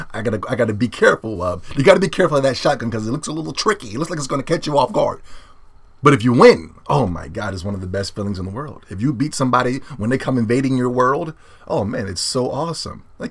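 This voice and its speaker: A man's voice: big pitch swings, fast. Brash, profane young man ranting about games. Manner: brash, profane, boastful, swings from loud yelling to low muttering. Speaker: gaming YouTuber. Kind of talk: profane fanboy rant about video games.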